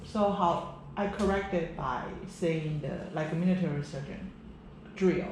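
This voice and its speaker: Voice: medium pitch, measured pace. A trainer explaining pronunciation drills to new teachers, emphatic and often checking whether the listener follows. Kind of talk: casual instructional chat. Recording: echoey room, faint background noise.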